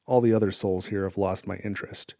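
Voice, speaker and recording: A man voicing a cruel male shadow creature, read aloud quietly from a game book with low menace. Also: fairly even intonation, fairly quick, creaky, dry recording, clean studio sound. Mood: mocking menace. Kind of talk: reading a storybook game aloud.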